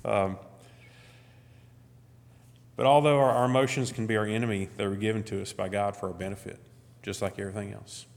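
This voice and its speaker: A man's voice: on the low side, steady tone, a little fast, vocal fry, pauses often. A middle-aged man giving a conversational sermon as guest speaker, full of "you know" and restarts. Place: church. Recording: long church hall reverb.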